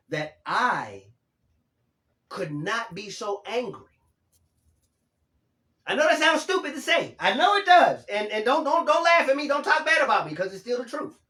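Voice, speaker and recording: A man's voice: high voice, sharp tone, reverberant. A man in his fifties hosting a casual livestream, talking emphatically and swearing casually as he reads and answers viewer comments. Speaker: livestream host.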